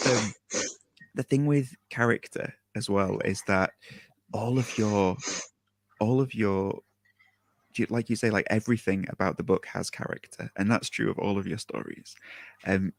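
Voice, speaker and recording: A man's voice: on the low side, creaky, dry recording. A man hosting a livestream interview, asking chatty questions with fillers. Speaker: interview host.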